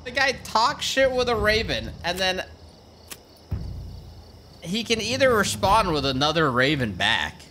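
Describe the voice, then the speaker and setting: A man's voice: sits high, measured pace, long pauses, a little hiss or hum. A man streaming a strategy game live, ranting and swearing freely as he plays. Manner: profane, ranting, animated. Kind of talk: live gameplay commentary. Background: game music.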